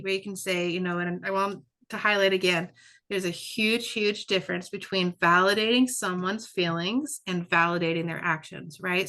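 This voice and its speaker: A woman's voice: medium pitch, bright, forceful tone. A woman presenting a webinar lecture in a conversational way, often checking in with "right?" and repeating words for emphasis. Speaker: presenter and curriculum developer.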